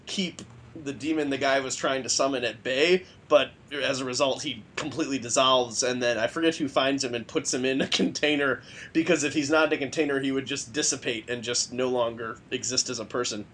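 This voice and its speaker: A man in a laid-back podcast chat, retelling a story with lots of "like" and "uh" as he gathers his thoughts. His pitch is ordinary, in the middle range. A faint low rumble sits under the voice. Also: steady tone, a little fast, a bit bright. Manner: loose, hesitant storytelling with many "like"s. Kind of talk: casual chat about comics.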